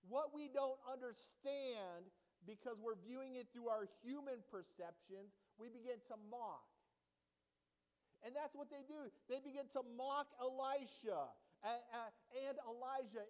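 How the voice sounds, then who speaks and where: High-voiced man preaching in a reverberant hall. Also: measured pace. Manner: animated preaching, acts out mocking voices, jokes with congregation. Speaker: pastor. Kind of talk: sermon. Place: church sanctuary.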